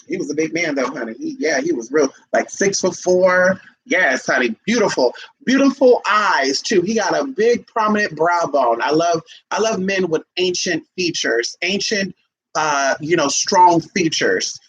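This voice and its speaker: Speaking at a normal speed in a lowish, breathy voice, this vlogger tells stories in a casual monologue captured on a low-quality recording. She's brash and sassy, addressing everyone as honey and lively enough to slip into quoted voices.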